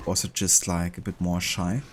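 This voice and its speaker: A man with a German accent chatting casually with viewers while he plays, relaxed and talkative. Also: low-pitched, a little fast, slight background noise. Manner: relaxed and chatty, with easy laughs. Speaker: streamer. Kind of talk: casual gameplay chat with viewers.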